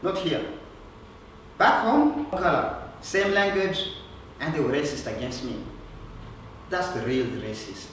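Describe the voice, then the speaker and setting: Man performing earnest immigrant man, stage monologue, fairly high voice, echoey hall from afar. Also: lively intonation, slow, long pauses, fairly bright tone, far from the mic, a little hiss or hum. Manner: earnest, insistent.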